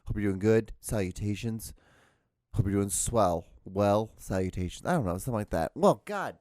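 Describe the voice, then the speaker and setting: A man's voice: fairly low pitch, lively intonation, moderate pace, a little mellow, no room sound. A man hosting his own solo podcast, rambling and ranting with crude, profane jokes into a close mic. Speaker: podcast host. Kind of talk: solo comedic rant podcast.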